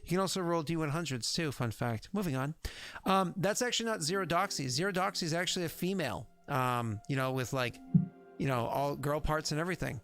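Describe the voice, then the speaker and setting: Gravelly guy rambling away as gm, lotta ums, bit high voice. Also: brisk, a bit bright, faint music behind. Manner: rambling, chatty, lots of fillers. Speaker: game master. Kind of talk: casual chat running a tabletop game stream.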